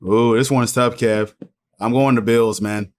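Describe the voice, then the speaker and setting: A man on a sports podcast panel, easygoing and quick to laugh in casual chat. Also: medium pitch, fairly even intonation, a little mellow.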